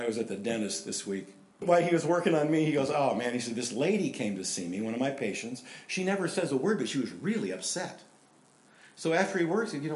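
Pastor guy preaching, kinda high voice, lots of stories n shouting bits, echoey room. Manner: animated storyteller, acts out quotes and shouts for emphasis. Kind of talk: sermon.

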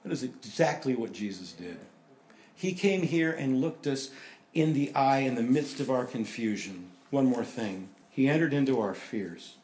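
An older man preaching a sermon, telling stories with sudden loud bursts of emphasis. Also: medium pitch, lively intonation, measured pace, roomy sound. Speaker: pastor.

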